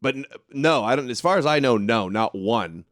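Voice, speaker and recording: In studio quality without echo, this man talks at normal speed in an expressive, mid-range voice. He's the host of a casual political livestream who reads comments from viewers and responds with sarcastic mockery and indignant rants.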